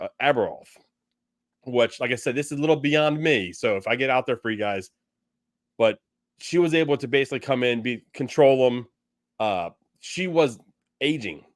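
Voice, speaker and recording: Casual podcast co-host, male, mid-pitched, rambling delivery, dry mic. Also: no echo. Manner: rambling, many restarts and fillers. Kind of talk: casual fan discussion.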